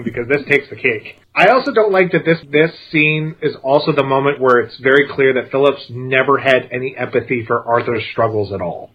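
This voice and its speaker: Husky-voiced man, scathing film critic. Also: medium pitch, fairly bright tone, highs cut off. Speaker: podcast co-host. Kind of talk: casual film review chat.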